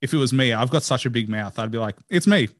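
A man's voice: medium pitch, fairly even intonation, fast talker, a bit bright, no echo, studio quality. A man hosting a casual interview, easygoing and enthusiastic, with loose phrasing. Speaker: podcast host.

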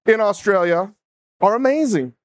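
A man hosts a casual chat in an upbeat, teasing way and laughs easily. His voice is high for a man. The mic sound is close and dry. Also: expressive, moderate pace, dry recording. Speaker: host.

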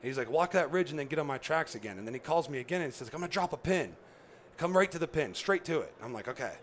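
Fast-talking man telling a story. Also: on the high side, slight background noise. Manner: animated, acts out quoted dialogue; rambling, lots of fillers like "right?" and "you know". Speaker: guest. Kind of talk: casual storytelling on a podcast.

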